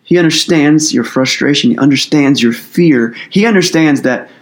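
A man's voice: on the high side, normal speed. A man preaching as pastor in a conversational sermon, earnest and casual, with loose phrasing and plenty of fillers.

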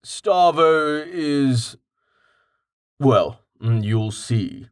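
A man voicing a patient, well-read companion who explains things in a calm, matter-of-fact way, slow and dry. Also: medium pitch, clear, resonant tone, dry recording.

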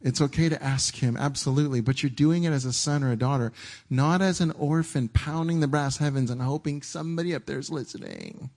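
A man's voice: on the high side, a little fast. A man preaching a casual, conversational sermon on a church stage, often repeating himself and acting out his own inner dialogue. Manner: conversational, animated, stumbling restarts and acted-out inner dialogue.

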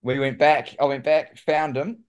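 A man with a New Zealand accent, a guest telling lively stories in casual conversation and saying "mate" often. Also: on the high side, unhurried, clear, resonant tone, muffled recording. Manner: animated, says "mate" often. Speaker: guest, former pro cyclist. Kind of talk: casual storytelling.

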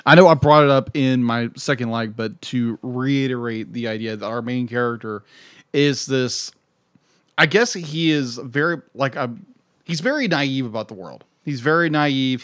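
A man's voice: medium pitch, normal speed, no echo, studio quality. A man co-hosting a podcast, chatting casually and animatedly about a film. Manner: animated, breaks into silly voices. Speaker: podcast co-host. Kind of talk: casual film review chat.

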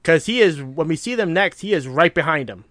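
A man co-hosting a casual chat, talking animatedly and sometimes acting out quotes loudly. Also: on the high side, fairly quick, no room sound, studio quality. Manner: animated, acts out quotes in a loud voice. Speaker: podcast co-host. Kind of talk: casual film discussion.

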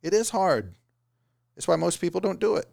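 Small-business owner, male, gravelly, casual motivational talk, dry sound. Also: high voice, moderate pace, no room sound. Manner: animated, does mocking voices of excuses. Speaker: business owner giving advice.

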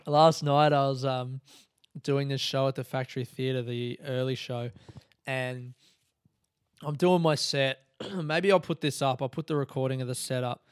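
A comedian in his thirties, ranting through his stories on a solo podcast with plenty of swearing. His voice sits at an ordinary middle pitch. It is recorded close and dry, with no room sound. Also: measured pace, clear, resonant tone, no room sound. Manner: sweary, ranting, animated retelling. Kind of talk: casual solo podcast storytelling.

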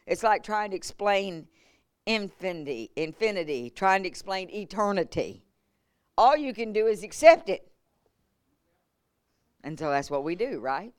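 A woman revival preacher in a church tells healing stories in a sermon, speaking in a mid-range voice at a measured pace with long pauses. Her testimony is animated, full of laughs and acted-out quotes. The sound is clean studio quality with no room sound.

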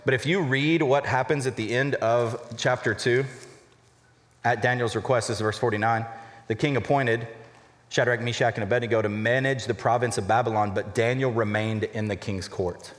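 A young adult man, a college pastor, preaching a sermon in a conversational, animated way, acting out little asides. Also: mid-range voice, moderate pace. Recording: reverberant hall.

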